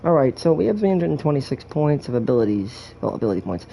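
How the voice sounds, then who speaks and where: Rambling, crude-joking game commentator, gravelly, animated delivery. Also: male voice, mid-range voice, fast, slight background noise. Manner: crude, rambling jokes with swearing.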